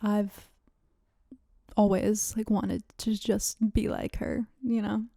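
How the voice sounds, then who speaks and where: Young woman, twenties, podcast host, casual rambling chat, filler-heavy, gravelly fry, dry close sound. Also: medium pitch, little pitch movement, slow pace, no room sound. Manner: chatty, rambling, frequent "like" fillers, soft laughs.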